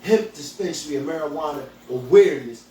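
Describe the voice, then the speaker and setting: Angry outspoken guy hosting a podcast, kinda high voice, echoey room far from the mic. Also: lively intonation, a little fast, warm tone, a little hiss or hum. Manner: blunt, profane, fired up. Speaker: podcast host and hemp dispensary owner.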